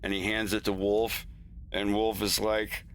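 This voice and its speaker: A man with a fairly low, bright and forceful voice chats loosely on a stream, rambling and laughing as he acts out bits of dialogue. A faint hiss of noise sits under his voice. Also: level tone, unhurried. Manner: rambling, laughs often, acts out characters' lines. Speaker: animator streaming his work. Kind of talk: casual stream chat.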